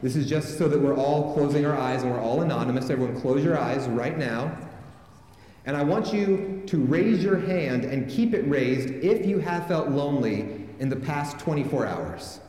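A man's voice: a little high, lively intonation, normal speed, warm tone. A man preaching a sermon as a pastor and calling on the congregation to take part, recorded in a large church sanctuary. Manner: calls on the congregation to respond. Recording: echoey hall with long reverb.

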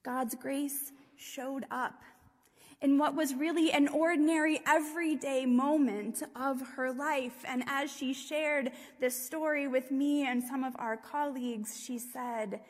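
A woman preaching a sermon, telling a story in a slow, gentle way and dropping to a hush at times. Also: sits high, steady tone. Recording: long reverb of a large hall.

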